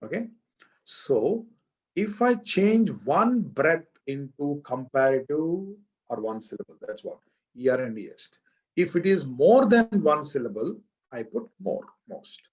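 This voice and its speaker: A man with an Indian English accent teaching a grammar lesson, speaking slowly and deliberately and stopping to quiz his students. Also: on the high side, sing-song, a little mellow, muffled recording. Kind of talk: classroom grammar lecture.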